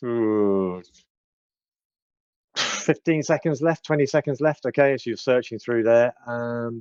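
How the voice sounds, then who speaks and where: A man narrates as game master, unhurried and hesitant, filling gaps with ums. His mid-range voice sounds dry and a bit muffled. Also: mid-range voice, clean tone, dry recording. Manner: relaxed, hesitant, with many fillers.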